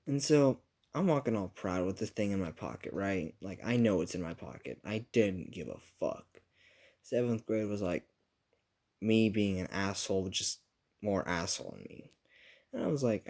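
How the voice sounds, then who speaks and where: A man's voice: fairly low pitch, sing-song, a little slow, pauses often, darkish tone. A young man telling a rambling, profane, self-mocking story about his school days in a casual vlog.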